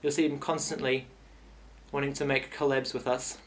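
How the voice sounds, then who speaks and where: A man's voice: mid-range voice, normal speed. A young man telling a silly comic story in a vlog, rambling and playful. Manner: rambling, playful, animated retelling. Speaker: vlogger.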